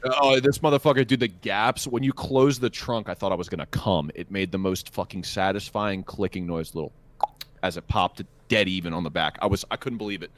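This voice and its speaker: A man with a very low voice co-hosts a casual podcast. He tells a rambling, profane and animated story about work. The sound is dry and close to the mic. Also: brisk, no room sound. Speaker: podcast co-host. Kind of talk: casual chat.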